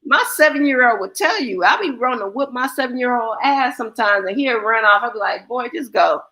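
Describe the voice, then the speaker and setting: The speaker is a young adult livestream host with a fairly high, expressive voice, a sharp tone and a fairly quick pace. In casual chat, she tells profane, blunt stories and imitates the people in them.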